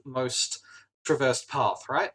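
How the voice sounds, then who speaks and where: A man's voice: medium pitch, takes it slowly, fairly bright tone, slightly rough. A man running a tabletop role-playing game as game master, narrating scenes with frequent "uh" fillers and restarts. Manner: hesitant, many "uh" fillers.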